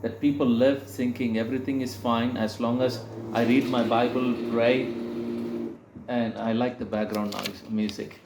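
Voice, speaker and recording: A man's voice: medium pitch, level tone, moderate pace, reverberant, very noisy. A man giving a teaching talk to a group, telling a story full of quoted dialogue and often stopping to correct himself. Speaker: speaker. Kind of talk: sermon-style teaching talk.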